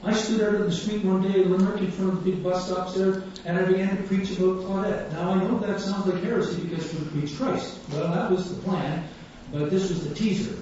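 High-voiced preacher in an echoey hall. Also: male voice, brisk, slight background noise. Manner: animated, acts out quotes, laughs often. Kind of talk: sermon with storytelling. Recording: echoey distant hall sound, dull.

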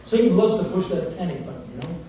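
Male preacher, high voice, fervent testimony sermon, distant muffled echoey hall recording. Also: animated, fast, a little hiss or hum. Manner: fervent storytelling, swinging from hushed to loud.

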